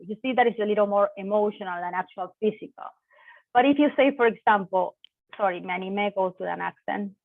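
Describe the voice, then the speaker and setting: A woman's voice: mid-range voice, no echo. Woman teaching over a tinny line. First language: Spanish. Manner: explains slowly with self-corrections, mixing Spanish examples. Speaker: Spanish teacher. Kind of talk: online language lesson. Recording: tinny phone-like dry sound.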